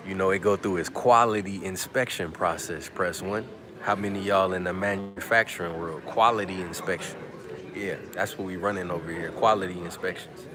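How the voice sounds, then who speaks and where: A man with a low voice, fairly even intonation and a moderate pace hosts a casual livestream from a press conference media room, with music in the background. In laid-back slang, he chats live with viewers and reads out their comments.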